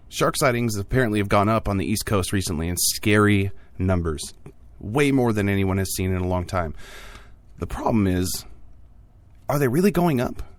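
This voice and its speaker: Low-voiced man hosting a casual podcast. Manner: jokey, offhand asides with frequent fillers. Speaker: podcast host. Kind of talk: casual tech news podcast.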